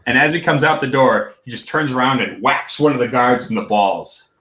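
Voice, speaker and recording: A man narrating a tabletop game as game master, in a halting, casual way, with lots of restarts. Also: medium pitch, animated, a bit bright, reverberant. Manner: halting, full of fillers and restarts.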